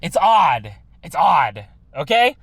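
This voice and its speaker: A man's voice: fairly high pitch, sing-song, slow pace, noisy background. A man hosting a casual let's-play, chatting and joking with lots of fillers. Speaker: game channel host.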